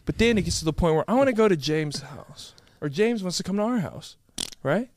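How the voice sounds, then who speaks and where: A man's voice: fairly high pitch, animated, fairly quick, a little hiss or hum. A young man co-hosting a podcast in casual chat, telling rambling stories and defending himself. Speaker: podcast co-host.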